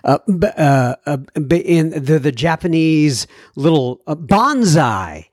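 A man's voice: a little high, lively intonation, slow, no echo, studio quality. A man hosting a recovery podcast, casually reading listener mail aloud with rambling asides, fillers and little self-deprecating jokes. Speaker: podcast host.

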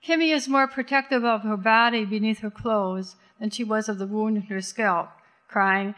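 A woman narrating an audiobook in an intense, measured way, slowing down on key words. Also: mid-range voice, steady tone, a bit bright. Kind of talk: scripted narration.

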